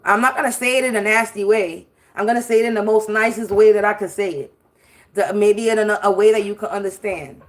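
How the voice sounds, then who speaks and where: Hosting a spiritual livestream, a woman launches into a profane, confrontational monologue, repeating herself and laughing mid-sentence now and then. Her medium-pitched voice moves a little fast with fairly even intonation.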